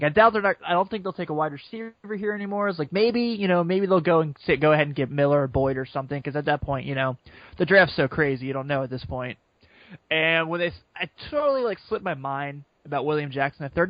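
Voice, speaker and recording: Excited man telling a draft-day story. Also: fairly high pitch, no room sound. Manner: excited storytelling, quoting others. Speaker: podcast co-host. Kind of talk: casual sports podcast chat. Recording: muffled lo-fi sound.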